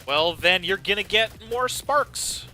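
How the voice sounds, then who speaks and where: A man chatting casually while playing a co-op game with friends, excitable and quick to react with gasps and exclamations. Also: sits high, faint music behind. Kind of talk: casual gameplay chat.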